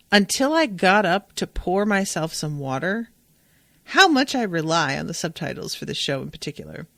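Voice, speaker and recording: A woman hosting a podcast, recapping an episode in a casual, animated, profane and digressive way. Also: mid-range voice, gravelly, no echo. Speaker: podcast host.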